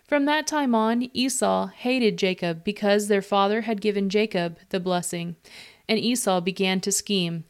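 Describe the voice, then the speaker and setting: A woman reading a Bible passage aloud with a steady, even storytelling delivery. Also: medium pitch, normal speed. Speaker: scripture reader. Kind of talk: scripture reading.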